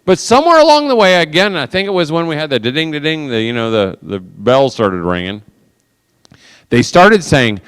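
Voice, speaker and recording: Animated male speaker, smooth and resonant, acts out every voice in his stories. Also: a little high, normal speed, big-room sound. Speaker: conference speaker. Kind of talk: storytelling talk to an audience.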